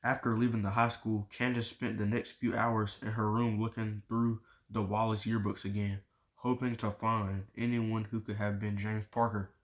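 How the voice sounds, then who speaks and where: A man reading a novel aloud, chapter by chapter, in steady unhurried narration. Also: on the low side. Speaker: audiobook reader.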